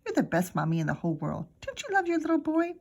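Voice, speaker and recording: A woman voicing a mischievous little boy who sweet-talks his mother in a high, sing-song voice. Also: wildly swooping pitch, fast, vocal fry, a little mellow, heavily acted. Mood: sweet-talking.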